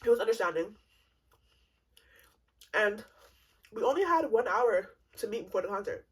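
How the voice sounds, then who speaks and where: A woman in her twenties telling a comedic storytime, animated and swearing freely, laughing often. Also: medium pitch, normal speed, husky, poor audio. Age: 20s. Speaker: vlogger.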